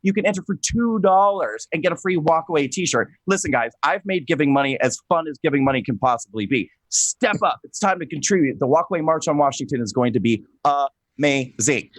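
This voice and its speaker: Man, talk show host, excitable, gushing, rambling, higher-pitched, dry close sound. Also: a little fast, dry recording, low-quality recording. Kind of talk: political talk show hosting.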